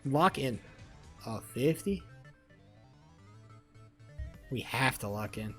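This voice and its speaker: A man's voice: mid-range voice, slow, soft background music. A man livestreaming, telling a rambling story and teasing his chat. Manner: animated, profane, rambling storytelling.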